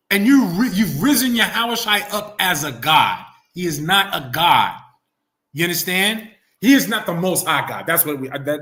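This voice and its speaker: This man runs a religion lesson by prodding his students with questions, repeating points, and reading scripture slowly and with purpose. His pitch is fairly high and his tone bright and forceful.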